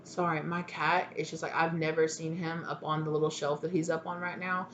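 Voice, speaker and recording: A woman's voice: low voice, level tone, fairly quick, a bit bright, dull audio, slight background noise. Chatty rambling woman reading tarot. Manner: rambling, chatty, full of fillers and restarts. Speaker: tarot reader. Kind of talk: casual spoken tarot reading.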